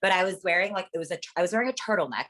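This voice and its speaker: A woman's voice: fairly low pitch, expressive, very fast, fairly bright tone. A young woman, an interview guest, telling stories in a blunt, profane casual chat. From lives in Las Vegas.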